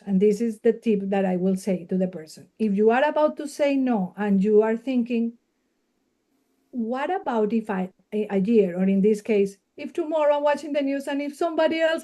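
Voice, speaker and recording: A woman with a Spanish accent speaks in a somewhat high voice, giving earnest, practical advice as a guest on a casual podcast. She is a non-native English speaker and often laughs as she talks. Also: darkish tone. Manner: earnest, advising, laughs readily. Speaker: guest, media coach.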